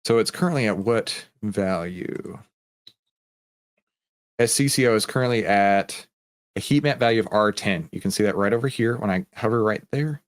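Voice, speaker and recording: A male stream host trades live while chatting and joking with his chat viewers in a casual way. His voice is fairly low in pitch and moves at a normal speed.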